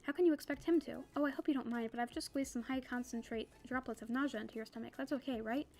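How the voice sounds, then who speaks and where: A woman's voice: sits high, steady tone, fast talker, a little mellow. Jealousy, a woman reading a needling emotion. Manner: needling, mock-sweet.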